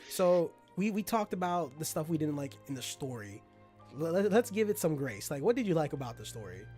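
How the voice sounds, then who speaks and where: A man hosting a casual podcast chat, talking in an animated, slangy way and letting his phrases trail off low. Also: a little fast, slightly rough, soft background music. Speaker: podcast host.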